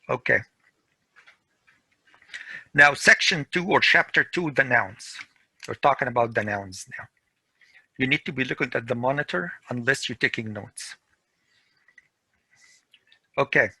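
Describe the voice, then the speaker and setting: A man teaching a weekend school class, drilling word pronunciation slowly and repeating each word to his students. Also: medium pitch, lively intonation, sharp tone, husky, no echo, low-quality recording. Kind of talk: classroom grammar lesson.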